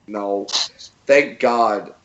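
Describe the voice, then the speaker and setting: A man's voice: fairly low pitch, very slow, reverberant, dull audio, a little hiss or hum. A man in his thirties, a comedian guest telling stories in a casual interview and acting out quotes in funny voices.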